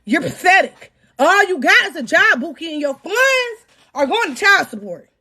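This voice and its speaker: A woman telling an animated, profane personal story in a storytime vlog, breaking into dramatic shouts. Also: very high voice, moderate pace.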